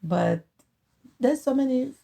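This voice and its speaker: A middle-aged Haitian woman with a Haitian accent, talking earnestly and haltingly as a guest in a family interview. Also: high voice, lively intonation, gravelly, dark tone. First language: Haitian Creole. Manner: earnest, halting, repeats phrases. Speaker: guest, host's mother.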